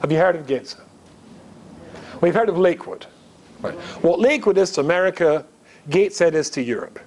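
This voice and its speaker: Man, middle-aged, high-pitched, rabbi, humorous storytelling talk, chatty asides. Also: expressive, a little fast, darkish tone, a little hiss or hum. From Scotland. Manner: chatty and joking, with asides to the audience. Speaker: rabbi and guest speaker.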